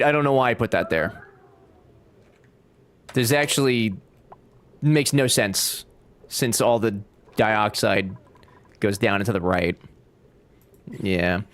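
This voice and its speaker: A young man chatting casually while streaming a game, joking and reading chat aloud. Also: mid-range voice. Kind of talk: casual gameplay livestream chat.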